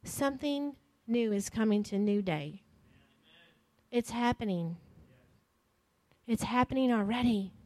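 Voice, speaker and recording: A woman pastor preaching and leading prayer, slow and emphatic, often hushed and prayerful. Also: fairly high pitch, lively intonation, no echo. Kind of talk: sermon and altar prayer.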